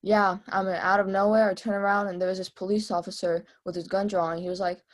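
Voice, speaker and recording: A woman with a mid-range, natural voice talks fast and flat while playing a brash young female bank robber. She testifies over a video call in a mock trial, sounding casual, streetwise, and offhand.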